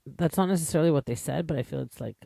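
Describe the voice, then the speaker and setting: A man's voice: on the high side, very fast, gravelly, warm tone, no room sound. A man hosting a podcast, giving a chatty, opinionated recap with lots of asides and fillers, English as his first language. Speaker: podcast host. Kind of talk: casual recap commentary.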